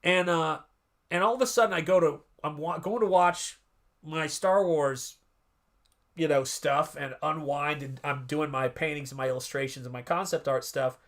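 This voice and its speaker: A man hosting a live stream, chatting casually in a rambling, animated way and often cutting himself off. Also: on the high side, moderate pace. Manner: rambling, animated, self-interrupting. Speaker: livestream host and artist.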